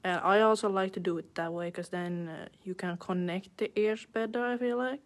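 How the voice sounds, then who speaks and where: A woman's voice: medium pitch, normal speed. A woman nail artist giving a live online class, chatting casually as she works and thinking aloud with playful little sound effects.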